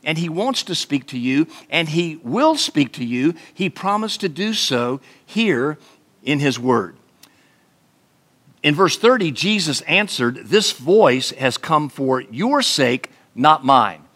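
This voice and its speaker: A man preaching an earnest radio sermon as a pastor, slowing down to stress key words. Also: fairly high pitch, big pitch swings, fairly bright tone.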